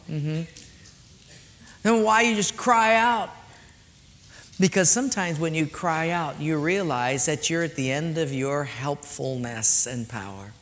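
A man preaching a sermon, animated, swinging from loud storytelling to soft, quiet points. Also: on the high side, a little slow. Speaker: pastor. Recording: long hall reverb.

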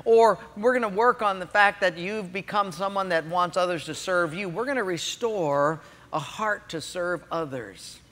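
A man preaching a sermon, telling a story in an animated way and acting out the quotes. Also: high-pitched, moderate pace, hardly any pauses, big-room sound. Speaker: pastor.

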